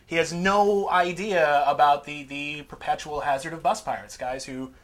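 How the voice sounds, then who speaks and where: A somewhat high-voiced man talking as a guest co-host on a podcast. He is wry and sarcastic, and turns animated when he describes his own work. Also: moderate pace. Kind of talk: casual chat.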